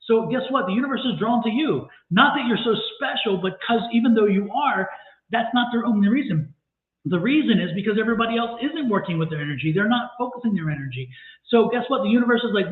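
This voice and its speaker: A man's voice: sits high, quick pace, reverberant, phone-quality sound. A man co-hosting a live tarot reading stream, giving repetitive, preachy motivational advice to viewers. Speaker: tarot reader and co-host.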